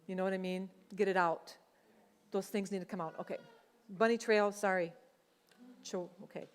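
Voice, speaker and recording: A woman's voice: medium pitch, steady tone, moderate pace, big-room sound. A woman pastor preaching a sermon in a conversational way, slipping into quoted voices.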